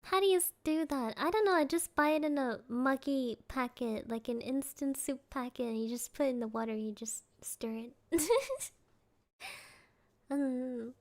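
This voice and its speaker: High-voiced giggly streamer woman. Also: normal speed. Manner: giggly and playful, reading and answering chat. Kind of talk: casual livestream chat.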